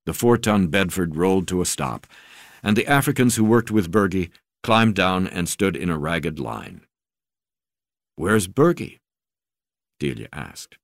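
A man reading a memoir aloud as an audiobook narrator, in a measured, deliberate way. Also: low-pitched, no echo, clean studio sound.

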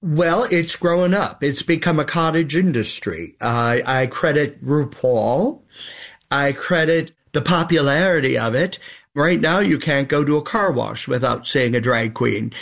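A man's voice: on the high side, expressive, unhurried, creaky, fairly bright tone. An older man and drag performer speaking as an interview guest, talking in a theatrical, wistful and self-deprecating way. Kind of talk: radio interview.

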